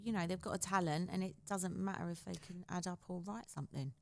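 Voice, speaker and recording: Woman co-host, lowish voice, short reactions, dry close recording. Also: steady tone, fast talker, gravelly, no echo. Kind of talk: casual chat.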